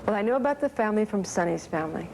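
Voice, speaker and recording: Interviewee: a woman, mid-pitched, talkative and rambling, slight hiss behind. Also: expressive, racing, darkish tone, poor audio. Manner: chatty, rambling with fillers. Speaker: interviewee, actress. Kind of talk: casual interview.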